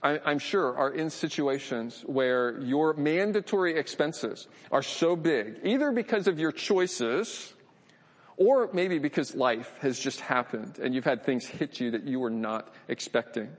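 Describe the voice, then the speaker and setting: A man's voice: mid-range voice, expressive, unhurried, big-room sound. A man giving a conversational, earnest sermon, often repeating words as he thinks aloud. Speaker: pastor.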